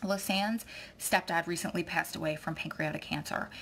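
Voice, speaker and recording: A woman's voice: lowish voice, steady tone, normal speed, creaky, fairly bright tone, slight background noise. A woman vlogging, talking in a rambling, effusive way that often turns tearful. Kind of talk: rambling emotional vlog chat.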